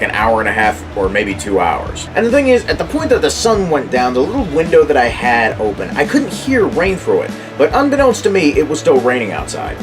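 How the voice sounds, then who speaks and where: A young man, a YouTuber, giving casual, candid reaction commentary and telling stories with some swearing. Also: mid-range voice. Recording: voice with background music.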